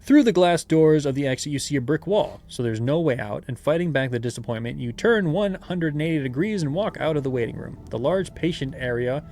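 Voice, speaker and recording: A man's voice: on the high side, expressive, fairly quick, few pauses, a little mellow. A man reading a gamebook aloud as game master, with playful asides and laughter.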